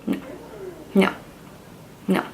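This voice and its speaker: A woman's voice: extremely slow, darkish tone, slight background noise. A woman in her twenties talking candidly to camera in a personal vlog, rambling and heartfelt, with lots of fillers. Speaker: beauty vlogger.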